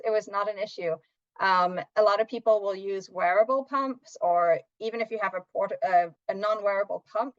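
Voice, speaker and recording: A woman's voice: mid-range voice, no echo. A woman doctor gives practical advice on a webinar call. She is friendly and hesitant, with lots of ums. The audio is dry and a little muffled, with no room sound. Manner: friendly, practical, many fillers. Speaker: doctor and lactation consultant. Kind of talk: webinar panel talk.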